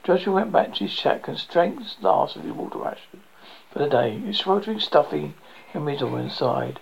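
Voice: medium pitch, lively intonation, brisk, vocal fry, dull audio, a little hiss or hum. A reader narrating a story in plain audiobook style, now and then restarting a word.

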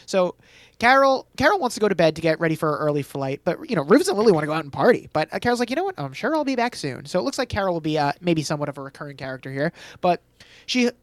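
A man talks fast in a casual podcast chat, his pitch bouncing up and down as he recaps the plot. He tosses in sarcastic asides and laughs often. The sound is dry and close to the mic. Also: big pitch swings, no echo. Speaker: podcast co-host recapping episodes.

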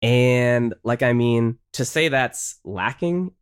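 A man's voice: medium pitch, slow, smooth. A male podcast co-host chatting casually and peppering his talk with fillers. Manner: animated, lots of fillers like "like" and "uh". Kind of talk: casual chat.

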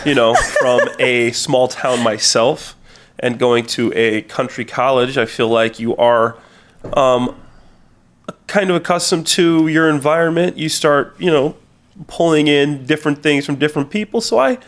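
A man chatting casually on a podcast in a relaxed, agreeable way. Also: mid-range voice, unhurried. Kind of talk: casual chat.

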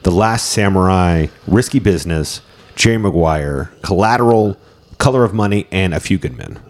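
A man's voice: low-pitched, animated, moderate pace. A man in his thirties co-hosting a casual movie podcast, loose and profane, with lots of fillers. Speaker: podcast co-host.

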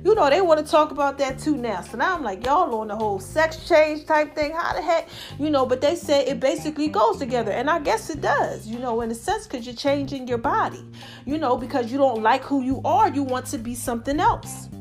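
A woman's voice: high-pitched, animated, a little fast, faint music behind. A woman hosting a casual podcast monologue, chatty and laughing often as she talks straight to her listeners. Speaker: podcast host.

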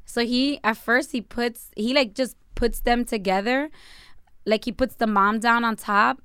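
A woman's voice: a little high, fairly even intonation, unhurried, fairly bright tone, clear, resonant tone, no room sound, clean studio sound. A woman in casual chat, animatedly telling a story with lots of fillers and acted-out quotes. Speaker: podcast co-host telling a story.

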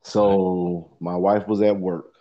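A man's voice: deep voice, level tone, takes it slowly, dark tone, dull audio. A man telling a long profane story in a casual podcast chat, rambling and repeating "you know what I'm saying" as he goes.

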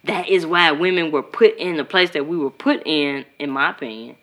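A woman from Chicago co-hosting a podcast in casual chat, animated and profane, acting out quoted voices. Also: deep voice, moderate pace. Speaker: podcast co-host.

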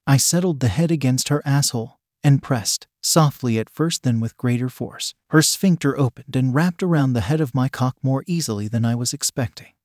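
A man narrates a first-person adult story at an even, deliberate pace. His voice sits in a middle register. The recording is close and dry, with no room around it. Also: mid-range voice, no room sound.

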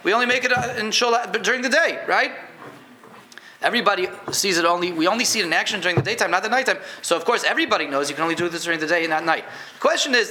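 A man's voice: high-pitched, pushed and bright, a little hiss or hum. A man teaching a casual Jewish law class to a room of listeners, conversational, repeating words and quizzing them. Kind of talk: informal halacha class. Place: room with a live audience.

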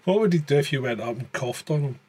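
A man's voice: mid-range voice, lively intonation, fast, a little mellow, husky. A man co-hosting a casual chat, blunt and crude, with a lot of swearing. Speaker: podcast co-host.

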